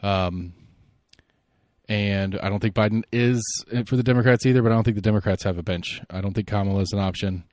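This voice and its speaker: A man hosting a solo podcast, giving rambling, opinionated political commentary and thinking out loud. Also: on the low side, fairly even intonation, fairly quick, dry recording, studio quality. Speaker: podcast host.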